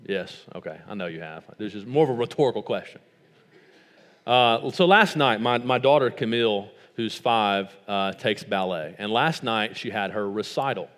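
West Tennessee pastor in a reverberant sanctuary. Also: male voice, fairly low pitch, lively intonation, moderate pace, fairly bright tone. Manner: storytelling with rhetorical questions, rising to emphatic preaching. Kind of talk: sermon.

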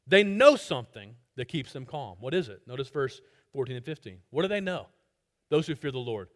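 Preaching an expository sermon, this male pastor leans on emphasis and repeats key phrases. His voice is on the high side and swings between loud stresses and soft drops.

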